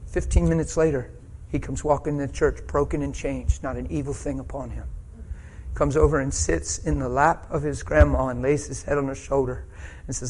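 A male preacher telling a story in a sermon, swinging from hushed asides to loud, shouted peaks. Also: medium pitch, steady tone, moderate pace.

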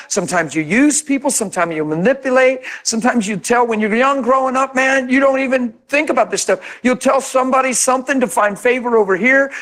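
High-voiced man preaching a sermon. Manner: animated preaching with laughs and acted-out quotes. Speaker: pastor.

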